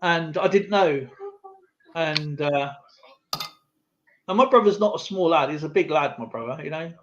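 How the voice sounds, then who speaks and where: A man's voice: on the high side, measured pace, a little hiss or hum. A man hosting a live stream, telling a rambling anecdote in a casual, chatty way with lots of fillers and asides. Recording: slightly muffled lo-fi stream audio.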